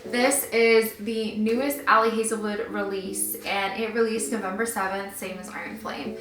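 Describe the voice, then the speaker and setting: A young adult woman vlogging her reactions to a book, gushing and excitable with lots of filler words. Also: mid-range voice, normal speed, recorded from a distance, soft background music. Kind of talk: casual reading vlog reactions. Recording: roomy sound, mic set back.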